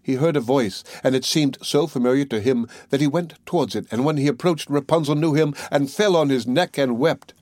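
A man narrating a fairy tale as an audiobook reader, in a measured, even reading. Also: mid-range voice, dry recording. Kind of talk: storybook narration.

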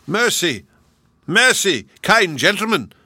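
A man's voice: fairly high pitch, animated, brisk, sharp tone, no room sound, studio quality, pitched above the performer's own voice. A man voicing a brutish many-headed giant who roars threats and then begs shrilly for mercy. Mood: pleading. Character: roaring fire-spitting many-headed male giant, brutish.

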